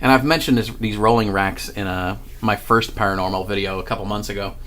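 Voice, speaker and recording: A man's voice: fairly low pitch, steady tone, fairly quick, a bit bright. A man vlogging about a paranormal experience, rambling and profane as he tells the story, with frequent restarts and chuckles. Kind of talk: casual storytelling monologue.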